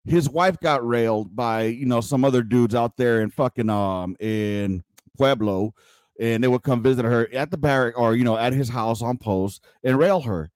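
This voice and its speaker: Crude joking podcast host, dry sound. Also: male voice, medium pitch, normal speed, darkish tone, dry recording. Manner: crude, joking, swearing banter. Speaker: podcast host, army veteran. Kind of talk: casual podcast chat.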